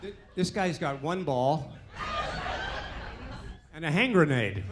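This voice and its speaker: A man's voice: on the high side, animated, takes it slowly, background noise. An older man voicing a baffled male airport security guard who blurts out his disbelief.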